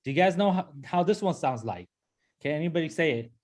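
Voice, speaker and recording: Fast and animated, with a fairly high voice, a man teaches his class pronunciation. Even at that speed he's patient, repeating sounds and checking in with "okay?" and "right?"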